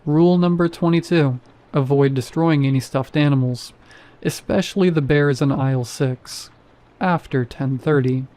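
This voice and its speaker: A man doing a flat, bored security guard. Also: on the high side, normal speed, close to an everyday voice. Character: apathetic male night security guard.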